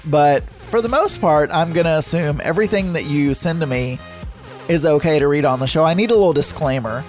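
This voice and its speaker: A man's voice: on the high side, a little fast, faint music behind. Rambling man hosting a chat show. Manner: rambling, frequent restarts and self-corrections. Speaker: podcast host. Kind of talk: casual solo chat.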